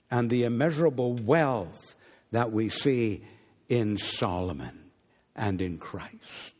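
A man's voice: expressive, takes it slowly, husky. Preacher man in a reverberant hall. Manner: wide swings between low hushed phrases and raised emphatic ones. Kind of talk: sermon.

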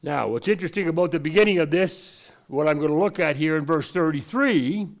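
A man teaching from scripture in a conversational way, reading verses slowly and then explaining them in quick asides. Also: fairly high pitch. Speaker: preacher. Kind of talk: Bible teaching.

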